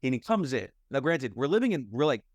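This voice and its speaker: A man's voice: mid-range voice, big pitch swings, a little fast, no room sound, studio quality. A young American man, a mindset and fitness coach, candidly telling his life story in a podcast conversation, rambling with lots of "like" and "you know". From United States.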